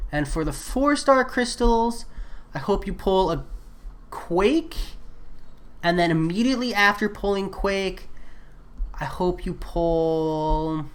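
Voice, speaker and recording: A man chatting casually while live-streaming a game, answering viewer messages in a laid-back way. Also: high voice.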